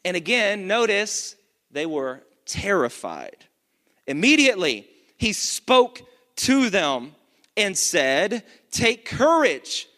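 A male pastor giving an energetic sermon, reading scripture and calling out to the congregation. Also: high-pitched, takes it slowly. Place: church. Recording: long church reverb.

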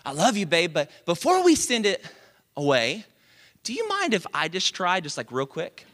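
A man voicing his calm, sincere wife, quoting her gently in his sermon. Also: high-pitched, moderate pace, full character voice. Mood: gentle. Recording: long reverb of a big hall.

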